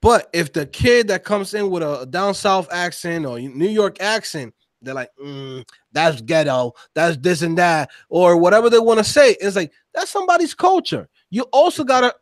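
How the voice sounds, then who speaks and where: A man co-hosting a casual podcast conversation, talking in an animated, slangy, emphatic way. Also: high voice, normal speed, few pauses, no room sound, clean studio sound. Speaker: podcast co-host.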